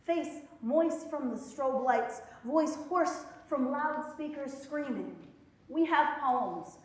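Woman poet, high voice, rhythmic dramatic spoken word, very echoey lecture hall. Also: lively intonation, slow pace, darkish tone. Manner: rhythmic, dramatic poetic delivery with playful laughing asides to the audience. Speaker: poet performing a reading. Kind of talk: spoken word poetry performance.

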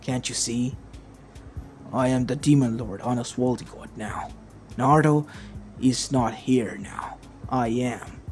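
A man's voice: medium pitch, fairly even intonation, takes it slowly, pauses often, darkish tone, close to an everyday voice. A man voicing an arrogant, cruel male demon lord who speaks with cold contempt, over faint background music. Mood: contemptuous.

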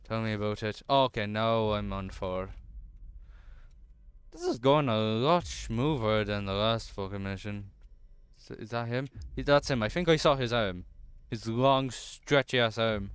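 A man narrating his own horror game playthrough, jumpy and swearing nonstop as he talks himself through it. His voice is smooth and clear, recorded close and dry with no room sound. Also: fairly low pitch, unhurried, no room sound. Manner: jumpy, swears constantly, nervous self-talk. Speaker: let's play gamer.

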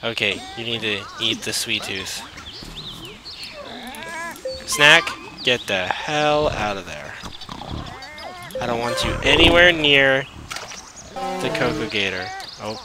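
Unhurried man scolding his game creatures. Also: medium pitch, expressive. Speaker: let's play host. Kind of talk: casual gameplay commentary. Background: game music.

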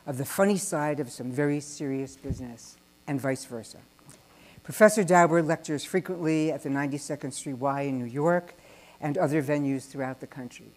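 A woman hosting the event, reading a formal, measured introduction of the speakers in a large synagogue hall. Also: low voice, a little mellow.

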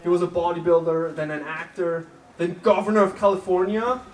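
A man's voice: high-pitched, fairly even intonation. Brief: male comic, conversational, heard from a distance in a live room. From Austria. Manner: conversational, chats with audience, halting restarts. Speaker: stand-up comedian. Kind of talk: live stand-up set. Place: comedy club stage, live audience. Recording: roomy club, distant mic, crowd noise.

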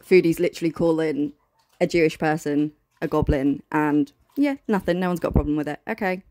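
Brief: British woman host, blunt sarcastic commentary, lowish pitch, dry sound. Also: fairly quick, mellow, dry recording. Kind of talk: reaction commentary.

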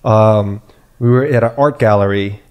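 Animated man telling a story. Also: on the low side, moderate pace, highs cut off, crowd noise. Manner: animated storyteller who acts out quoted people. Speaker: podcast host. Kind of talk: casual podcast chat.

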